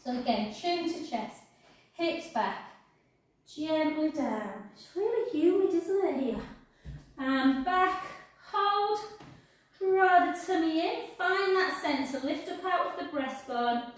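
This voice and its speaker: A woman with a high voice guides a workout class, counting reps and giving encouraging cues at an unhurried pace. She stands some distance from the mic, and the room around her is strongly echoey. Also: animated. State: out of breath at times. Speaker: fitness instructor.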